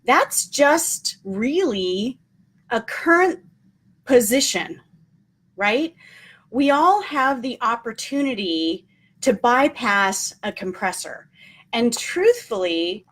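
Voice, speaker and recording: A woman's voice: on the high side, big pitch swings, slow pace, a bit bright. A woman hosting a casual live stream, talking in an earnest, encouraging way with frequent ums and repeated key points. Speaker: motivational host.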